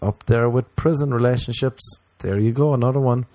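A young man doing stand-up comedy, telling stories deadpan and acting out both sides of conversations. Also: mid-range voice, brisk, no room sound. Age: young adult.

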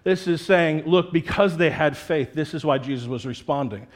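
A male pastor delivers a sermon in a lively, conversational way, swinging into playful quoted voices as he makes his point. His voice sits high for a man. He sounds like a young adult. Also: normal speed. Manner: animated, conversational preaching with playful put-on quotes.

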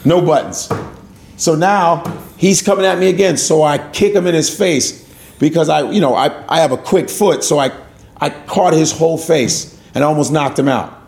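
A stand-up comedian appears as an interview guest, telling a story full of swearing and acting out the voices of the other people in it. His voice is a little high, creaky and darkish in tone, at a moderate pace.

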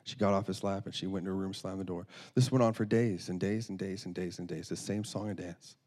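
A man's voice: low voice, fairly even intonation, a little fast, darkish tone. A man preaching through a story, earnest, often restarting and repeating words. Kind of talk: storytelling sermon.

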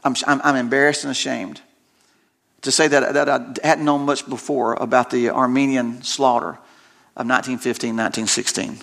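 A man's voice: medium pitch, flat delivery, moderate pace, gravelly, fairly bright tone. A male preacher delivering a sermon, retelling scripture stories dramatically and often repeating words as he restarts his sentences.

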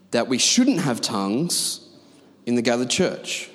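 Conversational preacher in a reverberant hall. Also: male voice, medium pitch, very animated, a little slow, a bit bright. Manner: emphatic, conversational preaching with asides. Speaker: pastor. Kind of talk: sermon. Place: large church auditorium. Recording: long reverb of a large hall.

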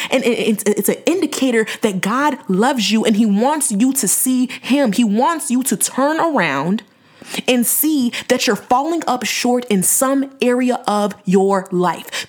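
A young woman hosting a faith-based podcast, talking earnestly and emphatically, slowing down to stress her points like a preacher. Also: fairly high pitch. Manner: earnest, preachy, emphatic with dramatic slow-downs. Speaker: podcast host.

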